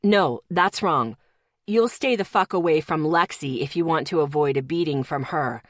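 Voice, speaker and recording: A woman's voice: low voice, normal speed, dry recording, clean studio sound, pitched below the performer's own voice. A woman voicing a protective young man who growls with fury, in an audiobook. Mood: furious. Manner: hushed at first, then growling and shaking with anger. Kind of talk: audiobook character reading.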